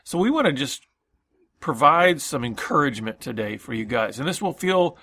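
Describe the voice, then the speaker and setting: A man co-hosts a Christian radio talk show in a bright, forward voice at a middle pitch. He speaks earnestly and reflectively, slowing down to weigh his words. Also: sing-song. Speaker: radio co-host.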